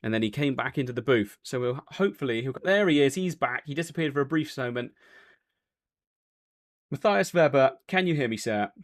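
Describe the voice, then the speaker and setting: A man's voice: medium pitch, expressive, fairly quick. A man hosting a post-race interview, talking in a chatty, rambling way with lots of fillers and self-corrections. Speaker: race broadcast host.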